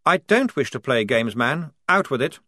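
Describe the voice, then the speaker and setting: A man's voice: mid-range voice, very animated, moderate pace, sharp tone, no room sound, studio quality, pitched above the performer's own voice. A man voicing a fussy, anxious young army officer who speaks in a prim, formal and polite way.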